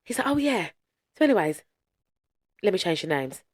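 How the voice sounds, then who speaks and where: A woman co-hosting a podcast in casual chat, a lively storyteller who swears freely and laughs often. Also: on the low side, moderate pace, dry recording, clean studio sound. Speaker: podcast co-host.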